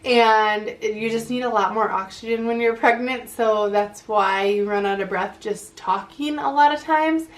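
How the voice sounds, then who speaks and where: Woman vlogger, a touch high-pitched, casual and chatty, slightly out of breath. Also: a little slow, hardly any pauses. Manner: chatty, lots of "like" fillers. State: short of breath while talking. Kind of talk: casual chat to camera.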